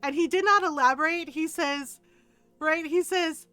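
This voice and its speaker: A woman's voice: very high voice, normal speed, sharp tone, dry recording, soft background music. A middle-aged woman streamer chatting casually with viewers, telling a story animatedly, quoting others and laughing often.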